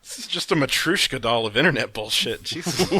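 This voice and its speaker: Man, podcast co-host, bright tense tone, exclamatory, dry sound. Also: fairly high pitch, slightly rough, no echo. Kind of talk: casual comedy podcast banter.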